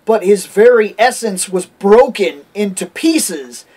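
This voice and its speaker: A man's voice: high voice, animated, takes it slowly, a little mellow, breathy edge. Laid-back young man in casual chat. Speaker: podcast co-host.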